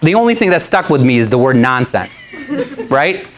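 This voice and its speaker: A man speaks to an audience as a guest, telling a long personal story. His voice sits in an ordinary middle pitch. He talks in a loose, chatty, animated way and breaks into laughter often. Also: moderate pace.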